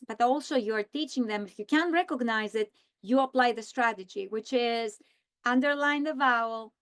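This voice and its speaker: High-voiced woman teaching a reading lesson. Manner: slow, deliberate modeling of a script. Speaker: teacher trainer. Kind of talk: instructional walkthrough.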